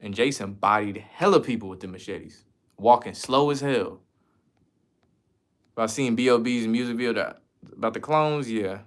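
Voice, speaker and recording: A man's voice: mid-range voice, moderate pace, long pauses. A man from the United States chatting casually as a streamer, answering viewer questions in a loose, slangy, profane way. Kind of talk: casual chat.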